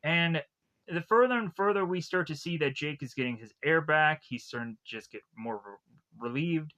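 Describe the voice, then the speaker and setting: A man with a bright, forceful voice pitched a little high walks through a movie plot in a loose, rambling way. He circles back, restarts and stacks fillers as he goes, sounding like a casual reviewer talking off the cuff. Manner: rambling, filler-heavy retelling with quick acted quotes. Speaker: film reviewer.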